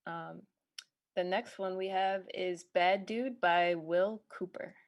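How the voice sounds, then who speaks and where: A woman co-hosting a song review, giving relaxed feedback with plenty of ums. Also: lowish voice, slow pace, dull audio. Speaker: music review co-host. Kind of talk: casual feedback chat.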